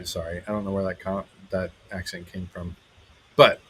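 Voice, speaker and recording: A married man hosting a live stream as a musician, chatting casually with viewers in a rambling, halting way, full of fillers, brightening when he greets people. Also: low voice, flat delivery, breathy edge, low-quality recording. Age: adult, married.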